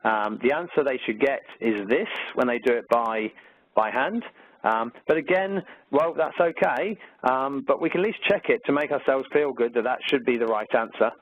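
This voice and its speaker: A man's voice: medium pitch, moderate pace, no room sound. Chatty Australian man teaching over a tinny line. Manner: chatty, many fillers, upbeat about the material. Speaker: maths teacher presenting a webinar. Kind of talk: conversational teaching walkthrough. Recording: tinny phone-like webinar audio, dry.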